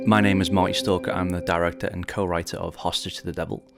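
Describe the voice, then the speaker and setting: A man in his forties from Liverpool, narrating his own podcast in a measured, reflective voice he calls his posh radio voice. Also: sits low, level tone, gravelly, loud music behind the voice. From Liverpool, England. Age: 40s. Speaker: documentary director and podcast host.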